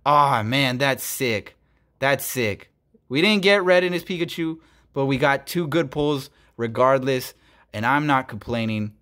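A man hosting a casual card-opening video, excitable, swinging from quiet muttering to loud bursts, his voice going hoarse. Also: medium pitch, measured pace. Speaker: YouTube host opening trading cards.

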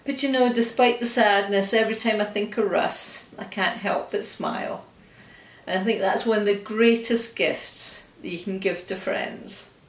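An older woman recording a fond, gently humorous video tribute to a friend, often laughing. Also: medium pitch, fairly even intonation, normal speed. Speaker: friend giving a memorial tribute. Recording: roomy, from a distance.

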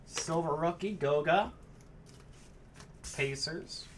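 Slow and slightly high-voiced, this man keeps up casual chat while opening card packs, calling out cards between stories as host of a card break. His tone is fairly bright, with slight background noise behind him.

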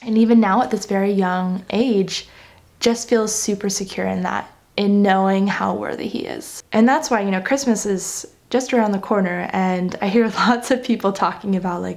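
A woman's voice: mid-range voice, moderate pace, vocal fry, darkish tone. Earnest young woman parenting vlogger. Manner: earnest, reflective, frequent "you know" and "like". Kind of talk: casual talking-head vlog.

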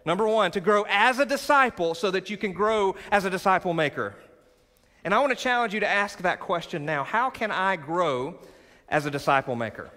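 A man's voice: sits high, expressive, moderate pace, sharp tone. A male pastor preaching a sermon to his church, with rising emphasis and call-and-response moments. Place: large church sanctuary. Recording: sanctuary with long reverb.

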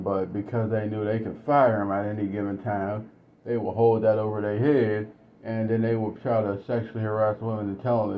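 Blunt low-voiced man telling stories. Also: slight background noise. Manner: blunt, conversational. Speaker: commentator. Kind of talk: casual storytelling monologue. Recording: dull lo-fi recording.

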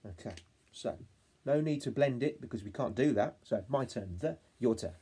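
A man with an English accent teaching a phonics lesson to young children, encouraging them and sounding out words slowly. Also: medium pitch, animated, mellow, breathy edge. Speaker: reception class teacher.

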